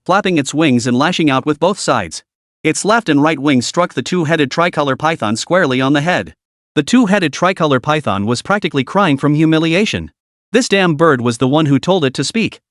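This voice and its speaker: A man's voice: a little high, dry recording, studio quality. A man narrating a recap story in a dramatic, scripted style.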